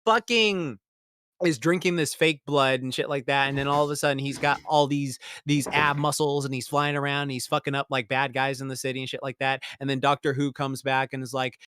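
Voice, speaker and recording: Casual podcast host, male, slightly high voice, profane and rambling, dry close sound. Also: moderate pace, no room sound. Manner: profane, rambling, animated retelling with mocking quoted voices. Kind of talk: casual movie review chat.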